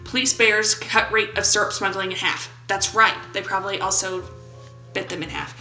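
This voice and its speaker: Bright-voiced playful woman gamer. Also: mid-range voice, little pitch movement, moderate pace, creaky, echoey room, faint music behind, rough recording. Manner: playful, goofy, jokes and brief put-on voices. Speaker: gaming YouTuber. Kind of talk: game commentary, reading questions aloud.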